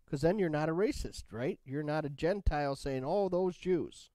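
A man's voice: fairly high pitch, brisk, darkish tone, dry recording. A man teaching a Bible study in a casual, conversational way, often checking in with "right?". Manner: conversational, keeps asking "right?".

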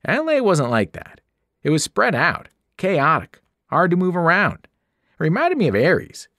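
A man, a teacher, reading a novel aloud in expressive first-person narration. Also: a little high, moderate pace, dry recording, studio quality. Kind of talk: audiobook narration.

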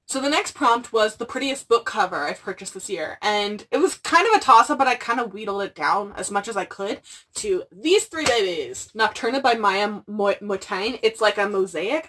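Gushing over books in a rambling, casual chat, a young woman vlogger leans heavily on "like" and "freaking." Her voice is medium in pitch and a bit bright, recorded from a distant mic.

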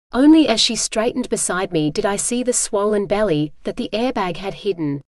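A woman's voice: medium pitch, darkish tone, no room sound. Dry, close audiobook narrator, woman. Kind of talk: scripted first-person narration.

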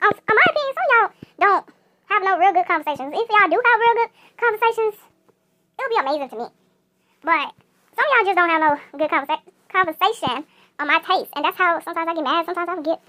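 A woman's voice: very high-pitched, lively intonation, fast talker, bright, forceful tone. A female YouTuber chatting casually over mobile gameplay, repeating herself and talking straight to her viewers.

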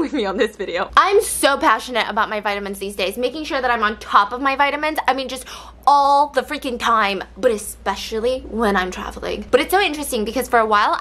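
A woman's voice: on the high side, fairly bright tone. A young adult woman talking casually to her viewers in a vlog, chatty and self-mocking, giggling often. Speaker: vlogger. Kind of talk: casual vlog chat with sponsor read.

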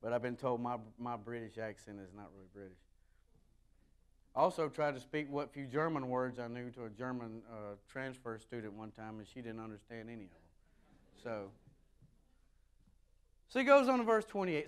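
A pastor from the United States preaching a sermon to his congregation, animated and rising loud when he reads scripture, with wry asides. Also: mid-range voice, normal speed, long pauses, clear, resonant tone. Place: church sanctuary with a congregation.

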